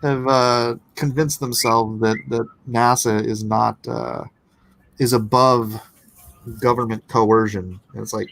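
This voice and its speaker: A man's voice: medium pitch, fairly even intonation, slow, gravelly, fairly bright tone. A man hosting a casual livestream, reading chat comments aloud and answering them with rambling, sarcastic talk and frequent laughter. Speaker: livestream host and artist.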